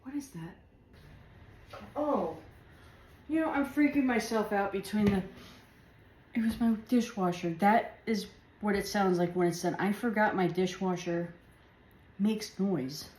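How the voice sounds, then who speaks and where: A chatty woman talks in a loose, rambling way as she cooks and samples food in her home kitchen. Her voice sits at an ordinary middle pitch. The room is echoey, with a faint hum of household noise behind her. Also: a little slow, pauses often, a little mellow. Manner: chatty, rambling, tastes food while talking. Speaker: home cooking vlogger. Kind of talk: casual chat while cooking.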